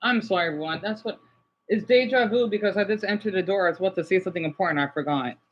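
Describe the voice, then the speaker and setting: Lo-fi sound carries a fast-talking young male streamer whose voice sits high. Hosting a casual live chat, he rambles, gets emotional, and reads viewers' chat names aloud as he talks directly to them.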